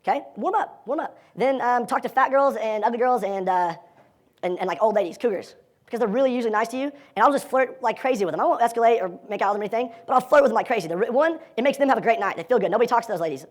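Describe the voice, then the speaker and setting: A man teaching a live dating seminar, energetic and profane, acting out quoted lines as he talks to his audience. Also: very high-pitched, rapid-fire.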